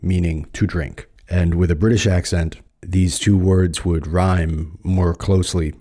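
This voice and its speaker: An American man with a low voice reads poetry aloud on his podcast. His tone is dark and mellow, and he takes the verses slowly and deliberately between casual explanations. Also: steady tone. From United States. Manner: measured, slows down to recite verse. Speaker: podcast host. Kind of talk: reading poetry aloud and commenting.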